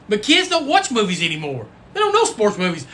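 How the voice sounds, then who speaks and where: A man's voice: high voice, wildly swooping pitch, a little fast, pushed and bright, a little hiss or hum. A man hosting a casual livestream, folksy and rambling, with the odd cuss word. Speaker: livestream host and football coach.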